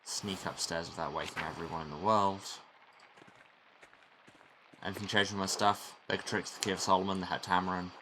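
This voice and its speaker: A man's voice: low-pitched, big pitch swings, moderate pace, long pauses, sharp tone, a little hiss or hum, low-quality recording. A man hosting a let's play, giving wry, muttered asides about the game as he plays. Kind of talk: game commentary.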